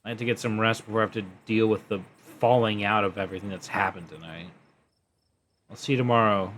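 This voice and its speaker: A man's voice: on the low side, steady tone, fast, fairly bright tone, slight background noise, close to an everyday voice. A man voicing a stern, tired young woman from a story game, reading her lines in a clipped, weary way.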